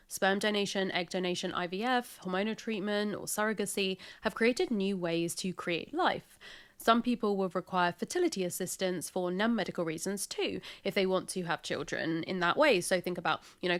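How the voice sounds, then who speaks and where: A woman with a British accent hosting a video essay, narrating in a brisk, informative way with wry asides. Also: mid-range voice.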